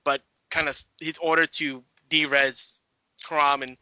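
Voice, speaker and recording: A man's voice: fairly high pitch, level tone, measured pace, bright, forceful tone, no echo. A man co-hosting a podcast, chatting in an easygoing way about a movie and restarting his sentences often. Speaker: podcast co-host. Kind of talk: casual movie discussion. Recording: dull lo-fi podcast audio.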